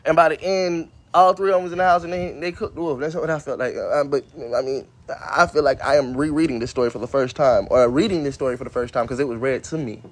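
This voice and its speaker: A man's voice: a little high, steady tone, quick pace, few pauses. Casual man, phone livestream at home, loose profane storytelling with chatter. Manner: rambling, profane, laughing asides. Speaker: livestream host reading a storybook. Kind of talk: casual livestream read-aloud with commentary. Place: at home, moving from outdoors to his room.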